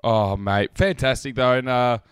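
A young man, telling animated stories in a casual podcast chat and swearing often. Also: medium pitch, unhurried, smooth, dry recording, clean studio sound. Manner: animated storytelling, swears a lot, laughs often. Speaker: podcast co-host.

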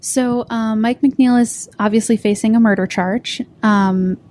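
A woman reporter on a podcast, recounting the details of a case in a measured way, with frequent ums. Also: a little high, fairly even intonation, a little mellow, slight background noise. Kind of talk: podcast discussion.

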